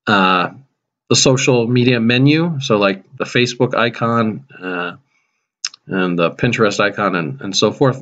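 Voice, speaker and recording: A man who teaches high school math, casually narrating a screen-recorded web coding tutorial as he types, with a touch of dry sarcasm. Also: highs cut off. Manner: relaxed, self-narrating while typing, dry sarcasm.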